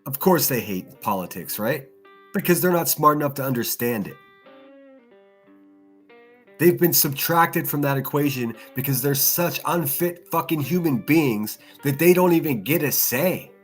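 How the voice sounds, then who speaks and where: A livestream host rants angrily, swearing heavily and repeating phrases in heated commentary. His voice is a little high with lively intonation and a measured pace, carrying a breathy edge over soft background music.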